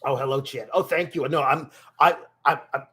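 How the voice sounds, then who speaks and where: A man voicing a throaty, gushing older woman with eight husbands during live stream commentary, warmly greeting viewers by name. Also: mid-range voice, fairly even intonation, moderate pace, breathy edge.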